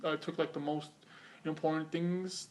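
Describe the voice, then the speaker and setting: A man's voice: fairly high pitch, flat delivery, moderate pace. A man co-hosting a podcast, chatting casually and joking with a friend, often laughing as he teases. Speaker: podcast co-host. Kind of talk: casual chat.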